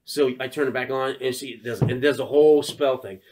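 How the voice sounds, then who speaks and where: A man in his thirties co-hosting a podcast speaks briskly at medium pitch while telling an animated story peppered with swears. He keeps it casual and acts out the quotes.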